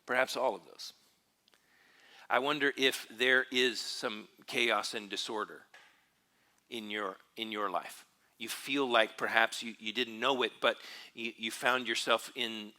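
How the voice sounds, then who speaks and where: Male pastor, mid-pitched, very bright tone, thoughtful sermon delivery with frequent restarts. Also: measured pace. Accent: Texan. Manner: reflective, searching, with frequent fillers and restarts. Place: church.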